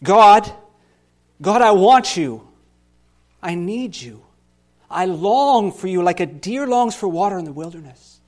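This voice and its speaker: A man voicing an anguished male psalmist in a dramatic scripture reading, impassioned, swinging between loud pleas and hushed lows. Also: expressive, takes it slowly, pauses often.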